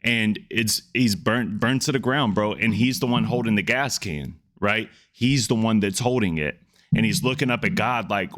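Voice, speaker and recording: At normal speed, a man with a fairly low pitch and fairly bright tone offers casual commentary for his music reaction video. He comes across as sincere and thoughtful, frequently starting his sentences over.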